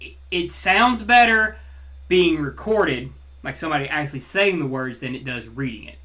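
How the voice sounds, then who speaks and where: A man's voice: a little high, animated, moderate pace, bright, forceful tone. A man with a Southern American twang reviewing a comic in a loose, rambling podcast chat, often repeating words and swearing casually.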